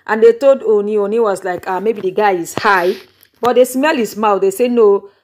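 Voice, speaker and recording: A young woman with a Nigerian accent hosting a YouTube channel, retelling gossip in an animated storytelling way with dramatic exclamations. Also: mid-range voice, moderate pace, a little hiss or hum. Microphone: microphone.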